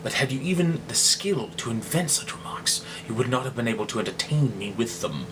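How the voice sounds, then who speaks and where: A man's voice: medium pitch, animated, fairly quick, distant mic, background noise, close to an everyday voice. A man reading aloud as a proud, mocking swordsman-poet, delivering a theatrical monologue in an amateur dramatic reading.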